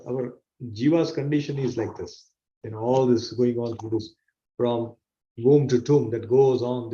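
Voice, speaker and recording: A man's voice: mid-range voice, mellow. A man teaching a scripture class, explaining earnestly and repeating his key phrases for emphasis. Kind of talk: explanatory sermon to an online audience. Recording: roomy, dull-sounding recording.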